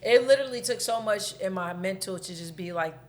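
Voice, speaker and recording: A woman's voice: mid-range voice, a little fast. Candid woman co-host telling a story. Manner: candid storytelling, swears freely. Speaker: podcast co-host. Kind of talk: casual chat.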